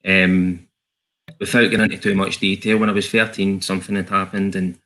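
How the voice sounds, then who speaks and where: A man's voice: deep voice, flat delivery, brisk, a bit bright, low-quality recording. A man with a broad Scottish accent, a guest telling his own story in a candid, self-mocking way.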